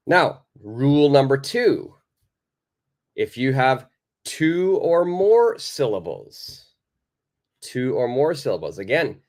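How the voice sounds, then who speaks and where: A man teaching a live online English lesson, patiently repeating his questions to the viewers. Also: mid-range voice.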